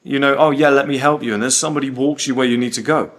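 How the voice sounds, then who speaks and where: A young man talking in a casual vlog, animated and swearing, telling travel stories with quoted asides. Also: medium pitch, quick pace. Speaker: host.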